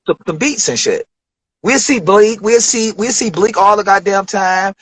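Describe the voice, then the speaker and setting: A man in his forties from Detroit, a rapper telling studio stories in a loose, profane, animated way during an interview. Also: high-pitched, moderate pace, breathy edge, dry recording, low-quality recording. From Detroit, USA. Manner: profane, animated storytelling with acted quotes. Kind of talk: casual storytelling interview.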